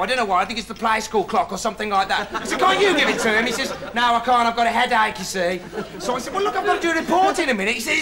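A hapless young TV reporter who rambles from one daft thought to the next in a high voice. He digresses endlessly and now and then erupts into shouting. The old broadcast is swamped by roaring studio laughter and loud noise. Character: rambling, dim, excitable young male reporter. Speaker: comic investigative reporter. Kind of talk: 1980s TV comedy monologue. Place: TV studio with live audience.

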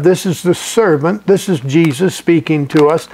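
A man's voice: a little high, normal speed, hardly any pauses. A middle-aged male pastor teaching a sermon in a folksy, conversational way, chuckling and restarting his sentences.

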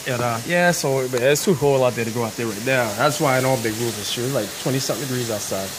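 A man with a Southern US drawl cooks in his home kitchen and rambles on with loose jokes. His voice sits at an ordinary middle pitch. It is caught on a phone held in his hand, with a loud sizzle of frying chicken underneath. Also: quick pace. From Southern United States. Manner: rambling, joking, talks to kitchen things. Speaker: home cook vlogger. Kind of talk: casual cooking vlog. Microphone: handheld phone camera. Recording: loud sizzling pan noise.

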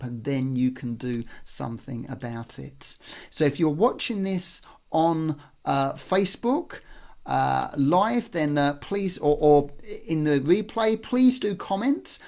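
A man's voice: a little high, creaky, darkish tone. A man giving a casual motivational live-stream talk as a personal development coach, speaking conversationally and asking the viewer rhetorical questions.

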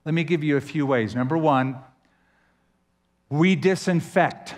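Slow, emphatic preacher in an echoing hall. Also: male voice. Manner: emphatic, dramatic pauses and sudden pitch swings. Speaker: pastor. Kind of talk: sermon.

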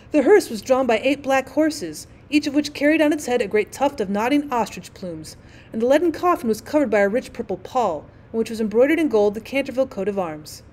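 A woman's voice: fairly high pitch, darkish tone. A woman teacher narrating a classic short story as an audiobook, reading steadily and expressively.

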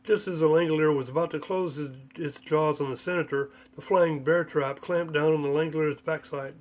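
A man's voice: a little high, fairly even intonation, brisk. A man reading his own book aloud as audiobook narration, with mild voice shifts for the characters.

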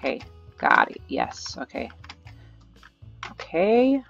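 Nervous excitable gamer narrating play, mid pitch, kinda muffled audio w/ soft music behind. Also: slow, vocal fry. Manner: excitable, nervous self-talk with repeated urging. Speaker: gaming channel host. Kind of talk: live gameplay commentary. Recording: slightly dull lo-fi audio with faint background music.

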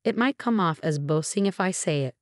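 Gentle older dad-in-law, sincere and kind, low-ish voice, read by a woman. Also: expressive, brisk, no echo, clean studio sound, close to an everyday voice. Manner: warm, sincere.

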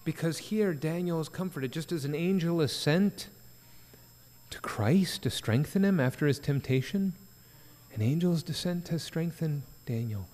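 A man's voice: on the high side, animated, measured pace, a little mellow. A man preaching an earnest sermon at a church prayer meeting, rising to emphatic peaks. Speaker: pastor. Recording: church sanctuary with long reverb.

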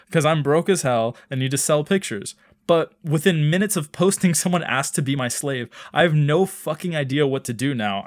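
A young man co-hosting a comedy advice podcast, reading listener letters and joking around with plenty of swearing. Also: medium pitch. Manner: jokey, reads listener letters, profane. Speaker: podcast co-host.

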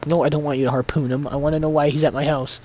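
A man's voice: a little high, little pitch movement, rapid-fire, darkish tone, muffled recording, slight background noise. Flustered stammering man in game role-play. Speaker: roleplayer voicing a recruiter.

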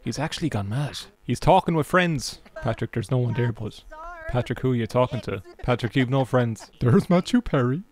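A man's voice: mid-range voice, normal speed. A young Irish man from Cork giving sarcastic, rambling, jokey commentary over a life-sim game as a gaming YouTuber, swearing freely. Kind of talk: gameplay commentary.

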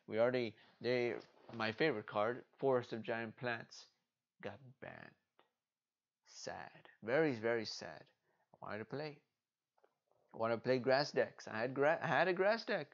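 A man's voice: mid-range voice, moderate pace. A sleepy man hosting a casual card game vlog late at night, rambling playfully and talking to himself as he browses. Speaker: card game video host. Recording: dull lo-fi recording.

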